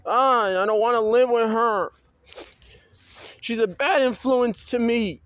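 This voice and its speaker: A man ranting on his own in an agitated, repetitive way, swearing and breaking into loud outbursts. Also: extremely high pitch, slow pace, dry recording. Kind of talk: solo rant to camera.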